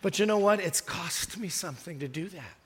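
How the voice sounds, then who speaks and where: Older man, preacher, high voice, animated storytelling, long hall echo. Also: fairly quick, slightly rough. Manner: animated, rising to loud emphatic bursts, acts out the people he quotes. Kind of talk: sermon with storytelling.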